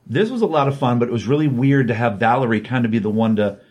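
A man's voice: medium pitch, fast talker, a little mellow. Chatty guy rambling thru a comic book recap, lots of ums. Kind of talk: casual recap of a comic issue.

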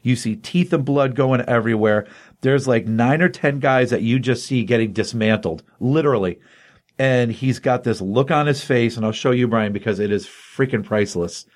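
Comic podcast host, man, mid-pitched, chatty and excited recapping. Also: normal speed. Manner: excitable storyteller, loose and rambling with fillers. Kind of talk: casual chat retelling a comic.

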